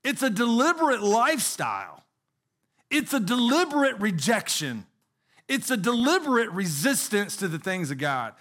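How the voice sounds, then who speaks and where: A man's voice: high-pitched, wildly swooping pitch, moderate pace, a bit bright. A middle-aged man preaching a sermon as pastor, earnest, asking the congregation rhetorical questions.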